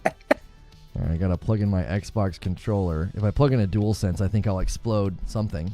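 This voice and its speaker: Male streamer host, animated casual chatter over a headset mic, soft game music underneath. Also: low-pitched, moderate pace. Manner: animated, rambling with repeated fillers. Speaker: streamer hosting a members' stream. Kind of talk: casual live-stream chat while gaming.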